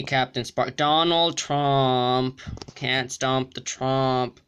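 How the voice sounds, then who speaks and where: A young man giving excited gameplay commentary, jumping between mumbling and sudden yelps and shrieks. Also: medium pitch, very slow, clean tone. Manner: jumpy, yelps and shrieks when threatened. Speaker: gaming YouTuber.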